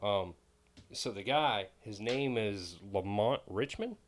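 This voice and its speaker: A man's voice: lowish voice, takes it slowly, slight background noise. A man hosting a casual chat, wisecracking and mocking as he tells the news.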